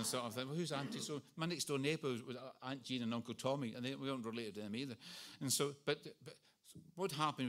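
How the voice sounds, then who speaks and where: A man's voice: medium pitch, sharp tone. A Scottish man in his sixties preaching a sermon, earnest and storytelling with self-deprecating humour. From Scotland. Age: 60s.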